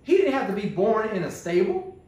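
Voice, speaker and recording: A man's voice: high-pitched, very animated, a little fast, darkish tone. A male pastor preaching a sermon, asking the congregation rhetorical questions in a call-and-response style. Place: church. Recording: very echoey church room.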